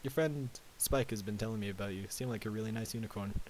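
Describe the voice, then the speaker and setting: A man's voice: on the low side, fast, a little mellow, close to an everyday voice, rough recording. A man voicing a shy, weak young male pegasus pony who has lost his memory. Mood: meek. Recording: faint tape hiss.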